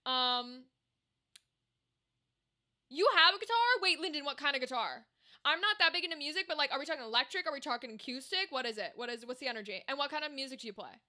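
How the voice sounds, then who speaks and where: A woman's voice: sits high, rapid-fire, sharp tone. A young woman voice actor chatting casually with her chat on a live stream at home, rambling and reacting to messages. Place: home room with a table setup. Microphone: desk microphone.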